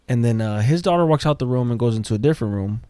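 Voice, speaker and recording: A man's voice: mid-range voice, lively intonation, fast talker, dark tone, smooth, no echo. Man, podcast guest, casual storyteller, acts out quotes, dry close sound.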